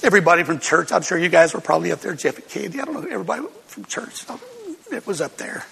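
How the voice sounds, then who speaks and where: A man's voice: high voice, lively intonation, fast talker, vocal fry, fairly bright tone, in a large hall, a little hiss or hum. An older man, a pastor, telling a personal testimony to his congregation as an emotional storyteller who laughs between lines.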